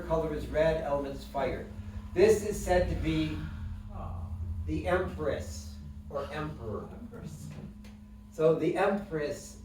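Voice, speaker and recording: A man's voice: fairly high pitch, background noise. A man instructing a class, explaining in plain terms and asking the students questions as he guides them through breathing. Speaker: wellness instructor. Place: room with a class present. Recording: echoey room, mic from a distance.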